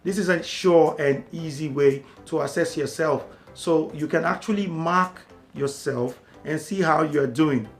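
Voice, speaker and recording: A man's voice: on the high side, a little slow, faint music behind. A man tutoring for a language exam, explaining steadily and repeating key words for emphasis. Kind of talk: instructional talk to camera.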